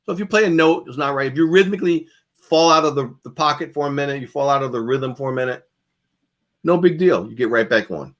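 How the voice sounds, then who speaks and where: A man giving a master class on guitar in a relaxed, conversational way. He repeats phrases for emphasis and swings between loud and soft. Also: mid-range voice, fast.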